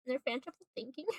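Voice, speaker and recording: A woman's voice: mid-range voice, a little mellow, dry recording. A woman live-streaming while she draws, recapping a movie in rambling casual chat full of "like" and bursts of laughter. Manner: rambling, constant filler "like", breaks into laughter.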